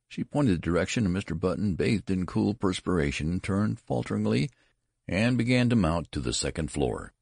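A man narrating a story as an audiobook reading, with dramatic, expressive delivery. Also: low-pitched, moderate pace, gravelly, husky, no room sound, studio quality.

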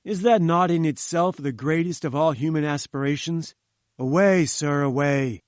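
A domineering older scientist barks orders and brushes off questions with lofty impatience, as a man reads him aloud. The voice sits a little high and sounds dry and close, with grand emphasis on the big words. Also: moderate pace, no echo, lightly acted. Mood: angry, lofty. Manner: commanding, dismissive, grandly emphatic. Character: imperious domineering male scientist, older, bearded. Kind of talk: audiobook character reading.

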